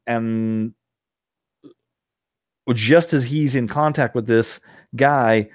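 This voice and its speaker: A man co-hosting a podcast, chatting casually and retelling scenes with lively put-on voices. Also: fairly low pitch, no echo, studio quality. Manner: animated storyteller, puts on silly voices when retelling scenes. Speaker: podcast co-host. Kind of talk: casual chat.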